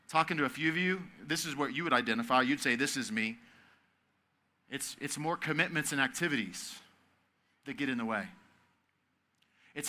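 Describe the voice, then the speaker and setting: Man, youth sermon, fairly high voice, loud emphatic bursts then hushed quiet stretches. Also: expressive, fairly quick. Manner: conversational, asks the audience to repeat words. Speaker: youth camp speaker.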